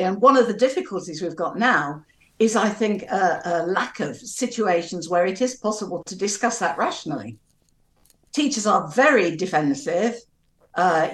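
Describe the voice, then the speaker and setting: A woman, an educational psychologist, speaking as a guest in a radio debate in a measured, calm, reasoning way. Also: lowish voice, reverberant.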